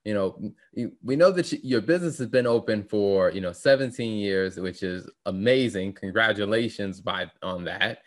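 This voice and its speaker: A man's voice: on the low side, moderate pace, hardly any pauses. A man interviewing a guest in casual conversation, often affirming with short replies. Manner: affirming, says "gotcha" often.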